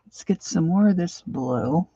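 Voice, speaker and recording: A woman's voice: fairly low pitch, animated, unhurried, breathy edge, muffled recording. A middle-aged woman from Pennsylvania with a Pennsylvania accent, chatting casually and rambling as she paints on a livestream. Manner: chatty and rambling, warmly nostalgic asides. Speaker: art livestream host. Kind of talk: casual chat while painting.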